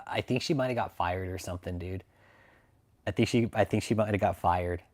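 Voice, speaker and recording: A man from Texas, hosting a casual livestream chat, swearing constantly, mocking and laughing often. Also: fairly low pitch. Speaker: livestream host.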